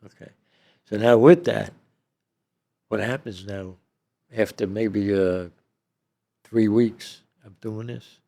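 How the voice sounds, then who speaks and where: An older man with a rough, gravelly, slightly low voice tells his story as an interview guest, rambling loosely and leaning on "you know" and "okay?" He talks slowly with frequent pauses, and his tone is dark.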